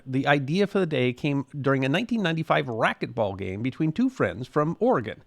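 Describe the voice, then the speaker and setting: A man hosting a history show, giving scripted narration with a wry, measured storytelling delivery. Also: mid-range voice.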